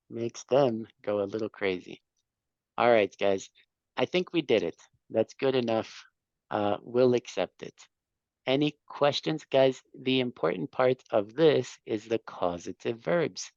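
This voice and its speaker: A man's voice: mid-range voice, creaky, a little mellow, no room sound, highs cut off. A man teaching an English class, patiently explaining grammar and correcting students.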